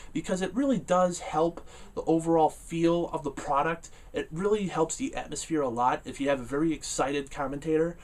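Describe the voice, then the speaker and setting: A man talks through a wrestling show in a loose, rambling way, full of "uh" fillers and quick laughs. His voice sits a little high for a man and a little back from the mic. When something annoys him he gets loud and animated. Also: far from the mic. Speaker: wrestling reviewer. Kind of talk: casual spoken review.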